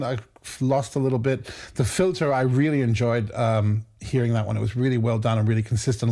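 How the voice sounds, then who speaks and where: A man's voice: medium pitch, darkish tone. A man hosting a livestream, chatting casually and thinking aloud with restarts. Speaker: livestream host.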